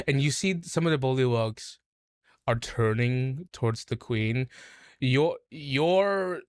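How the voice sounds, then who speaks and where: A man narrating a tabletop game as game master, in a relaxed, halting way. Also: mid-range voice, dry recording, clean studio sound.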